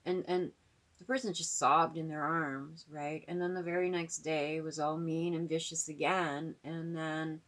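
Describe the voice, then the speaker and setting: A woman's voice: sits low, level tone, unhurried, a bit bright. A middle-aged woman talking casually to her viewers, rambling and earnest, with lots of fillers and repeated words. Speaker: vlogger. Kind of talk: casual talk to camera.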